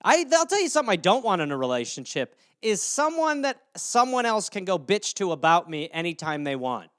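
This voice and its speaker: Guy in his 30s doing a solo comedy rant, high lively voice, swears a lot, dry close mic. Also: brisk, clear, resonant tone, no echo. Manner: animated, swearing, acting out little scenes in silly voices. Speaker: podcast host.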